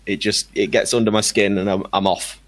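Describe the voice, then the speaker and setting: A man's voice: fairly low pitch, little pitch movement, fairly quick. A man chatting casually on a podcast, enthusiastic, laughing often and stumbling over repeated words. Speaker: podcast regular recommending a film. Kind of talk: casual chat.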